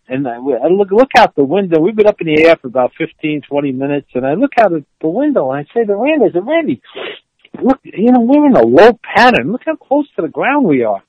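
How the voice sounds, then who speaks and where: Excitable older man telling a wild story. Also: mid-range voice, dry recording, muffled recording. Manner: excitable, acts out quotes, laughs mid-story. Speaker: former football player, guest. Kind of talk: animated storytelling in an interview.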